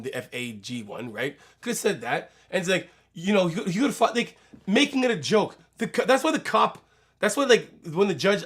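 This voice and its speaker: A man's voice: high-pitched, a bit bright. A man hosting a casual commentary on a video, rambling and often tagging his points with "right?". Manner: rambling, keeps asking "right?". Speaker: host reacting to a video.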